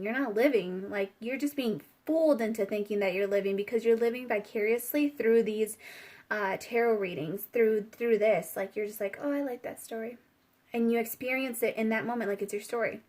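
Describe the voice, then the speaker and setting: Woman tarot reader, young adult, fairly high voice, loose rambling delivery with frequent giggles. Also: a little mellow. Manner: rambling, giggly, chatty with many fillers. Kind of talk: casual spiritual tarot reading.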